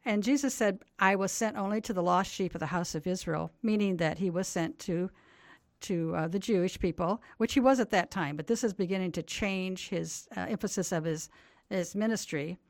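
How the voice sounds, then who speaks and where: A woman's voice: lowish voice, moderate pace, dry recording. Older woman retelling a Bible story. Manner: earnest, explanatory retelling. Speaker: Bible teacher, guest. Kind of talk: radio interview, storytelling.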